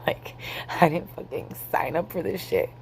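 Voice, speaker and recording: A woman in her forties vents to her camera in a lowish voice, angry and worn out, swearing freely as she talks. A faint hiss of noise sits behind her. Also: very animated, normal speed, vocal fry. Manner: angry, profane, tired venting. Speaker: vlogger. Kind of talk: venting to camera.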